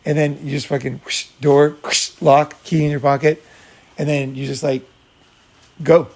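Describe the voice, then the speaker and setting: Brief: animated, blunt dating coach, a man with a gravelly, slightly high voice who acts out scenes. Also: moderate pace. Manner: animated, acts out both sides, blunt and profane. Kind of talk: casual talk with acted-out scenes.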